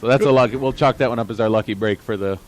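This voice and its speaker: A man doing color commentary on a baseball broadcast, with a medium-pitched voice. He talks the plays through in a chatty way and drops jokes in with his analysis. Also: rapid-fire, rough recording.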